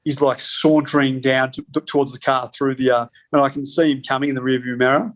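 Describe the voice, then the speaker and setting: A man spins a long anecdote at an easy, rambling pace, peppering it with swearing and laughter. His voice sits at an ordinary middle pitch. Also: steady tone, fast talker. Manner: rambling, heavy swearing, laughs between lines. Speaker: podcast guest, spirits company co-founder. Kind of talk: casual storytelling.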